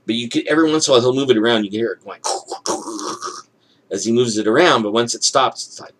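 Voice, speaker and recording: A man recounts a personal story in a loose, casual way, leaning on "you know" and "like" as he talks. He acts out the quoted lines with some energy and lets small chuckles slip in. His voice sits in an ordinary middle pitch. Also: racing. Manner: animated, acts out quoted dialogue; chuckles while telling.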